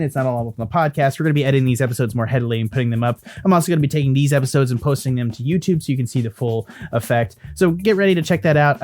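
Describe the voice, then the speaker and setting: A man's voice: mid-range voice, a little mellow. A man narrating a tabletop game as dungeon master and podcast host, rambling with plenty of fillers.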